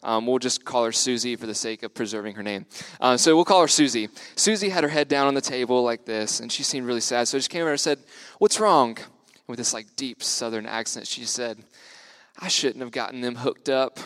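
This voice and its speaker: A man's voice: medium pitch, fast, fairly bright tone, smooth, dry recording. A man gives a casual, storytelling sermon, joking at his own expense and laughing often. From United States. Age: 20s. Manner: upbeat, joking, self-deprecating, laughs often. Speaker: young church speaker.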